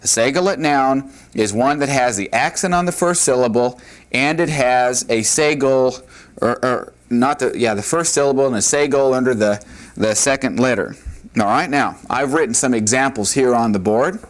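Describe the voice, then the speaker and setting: Speaking at a normal speed in a mid-range voice, this teacher works through a Hebrew grammar lesson at the board. He goes over key points patiently, sprinkling in plenty of "all right" and "uh."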